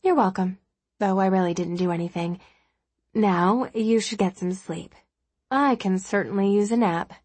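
A woman voicing a relaxed, friendly woman colleague in a storybook reading, offhand in manner. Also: mid-range voice, normal speed, husky, dry recording, natural voice.

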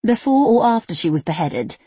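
A woman's voice: mid-range voice, big pitch swings, fairly quick, warm tone, breathy edge, no echo, voice pushed up. A woman voicing a wry, tired young woman with a dry, sardonic manner in a read-aloud story.

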